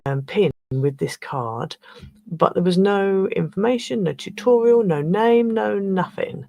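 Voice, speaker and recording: Lady rambling on her craft livestream, bit flustered, throat a bit rough, gravelly, dry close sound. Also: lowish voice, darkish tone, no room sound, rough recording. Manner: chatty, flustered, trailing off and restarting. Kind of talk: casual livestream chat.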